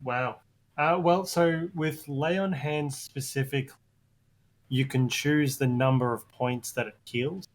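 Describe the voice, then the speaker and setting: A man's voice: mid-range voice, fairly even intonation, slow pace. A man playing in an online tabletop game, speaking hesitantly with fillers. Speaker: player. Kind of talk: casual tabletop game chat.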